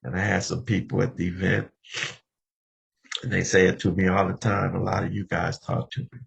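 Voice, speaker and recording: Old guy in his 70s sharing at a meeting, super gravelly and husky, chatty storyteller. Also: deep voice, flat delivery, normal speed. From Los Angeles. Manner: conversational storytelling, often addressing the room directly. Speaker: speaker at a recovery meeting. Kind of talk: personal recovery share.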